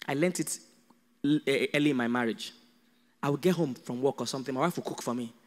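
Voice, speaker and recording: A man with a Nigerian accent preaching a sermon as a pastor, animated and humorous. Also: mid-range voice, fast, in a large hall. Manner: animated, humorous, acts out dialogues.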